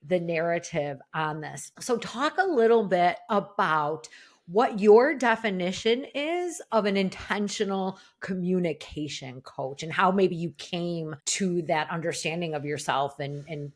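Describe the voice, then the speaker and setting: A woman's voice: fairly low pitch, expressive, measured pace. A woman hosting an interview, enthusiastic and affirming, who sums up her guest's points and asks follow-up questions. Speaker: podcast host.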